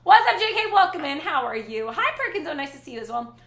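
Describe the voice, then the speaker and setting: A middle-aged woman hosts a casual livestream and rambles through viewer comments with easy asides. Her voice is bright and sits a bit high for a woman, and the room around her has a noticeable echo. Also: animated, fast, hardly any pauses. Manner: chatty and rambling, with frequent restarts and asides. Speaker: livestream host.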